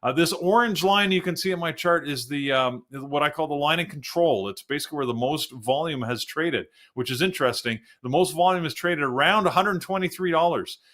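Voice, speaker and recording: A man's voice: a little high, a little fast, hardly any pauses, a bit bright. A middle-aged Canadian man hosting a live trading show, chatting casually and walking through charts step by step. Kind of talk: live-stream market chat.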